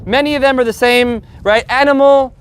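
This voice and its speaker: A man teaching a live online Spanish lesson, joking and animated, slowly repeating words for his learners. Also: very high voice, slight background noise.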